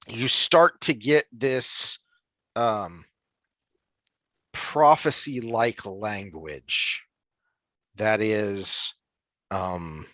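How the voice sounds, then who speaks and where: A man's voice: on the low side, a bit bright, no echo. Dry-sounding man, casual podcast co-host. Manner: rambling, many restarts and fillers. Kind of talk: casual book discussion.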